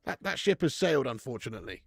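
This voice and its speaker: A man's voice: medium pitch, very animated, fast talker, vocal fry, slightly rough, no room sound. A man hosting a live football watch-along, reading out viewer chat and ranting bluntly with plenty of swearing. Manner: reads out viewer chat messages.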